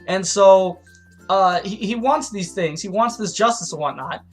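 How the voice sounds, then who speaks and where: A man's voice: sits high, unhurried, faint music behind. A man giving a heated, profane political rant as a vlogger, stumbling over restarts. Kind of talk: ranting political commentary.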